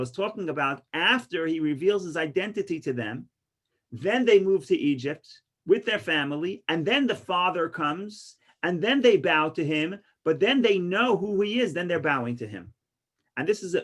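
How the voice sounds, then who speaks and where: A man teaching an informal Torah class, an animated storyteller with many restarts who gets loud for punchlines. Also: on the high side. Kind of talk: informal Torah lesson with stories and jokes.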